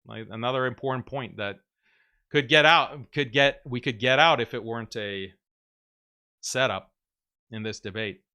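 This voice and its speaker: Young man, bright forceful voice, casual livestream host, mocking and animated, lots of "like". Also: mid-range voice, normal speed, long pauses, smooth. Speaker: livestream host reading super chats.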